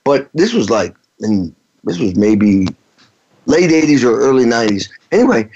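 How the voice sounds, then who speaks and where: Brief: middle-aged male drummer guest, rambling anecdotal delivery, mid pitch, dull lo-fi audio. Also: very animated, normal speed, darkish tone, a little hiss or hum. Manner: rambling, anecdotal, frequent restarts. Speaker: touring rock drummer, guest. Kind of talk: casual interview storytelling. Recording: dull lo-fi sound.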